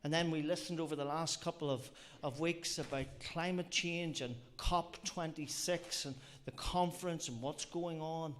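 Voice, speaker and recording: A man's voice: on the high side, steady tone, moderate pace, few pauses, fairly bright tone, slight background noise. A man preaching a sermon, earnest and reflective, often repeating phrases and asking rhetorical questions. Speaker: lay preacher.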